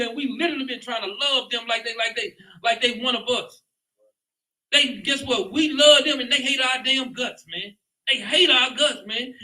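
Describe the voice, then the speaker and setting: A man's voice: very high-pitched, sharp tone, rough recording. A man leading a Bible class in an emphatic preaching style, often asking "guess what" and ending lines with "man". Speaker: lead teacher.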